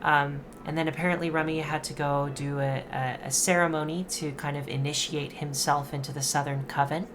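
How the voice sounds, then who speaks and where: Halting low-voiced woman game master. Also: fairly even intonation, noisy background. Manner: halting, searching for words with many fillers. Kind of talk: narrating a tabletop game.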